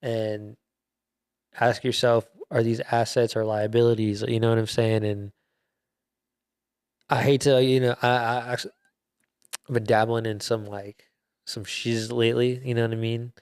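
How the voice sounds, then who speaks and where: A man's voice: mid-range voice, flat delivery, normal speed, long pauses, darkish tone, clean tone, no room sound, clean studio sound. A young man hosting a podcast, casually retelling a Bible story in loose slang with laughs and fillers. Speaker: podcast host.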